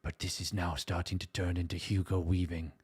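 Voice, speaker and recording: A man's voice: low-pitched, flat delivery, a little fast, darkish tone, husky. A man casting a game tournament, chatting casually during a break in a rambling, self-amused way. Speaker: tournament caster.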